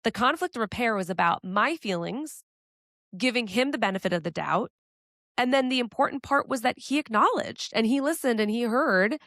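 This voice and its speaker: A woman's voice: a little high, animated, moderate pace, fairly bright tone, no echo, studio quality. A woman hosting a solo relationship advice podcast, talking candidly and conversationally, with the odd casual swear. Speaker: podcast host.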